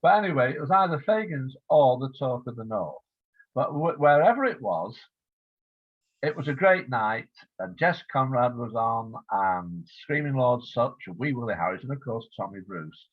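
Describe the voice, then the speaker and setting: A husky-voiced man in his seventies, heard over a thin, tinny phone-like line. He talks as an interview guest, rambling through an anecdote and slipping into quoted dialogue as he goes. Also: mid-range voice, lively intonation, normal speed, dry recording. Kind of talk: casual storytelling interview.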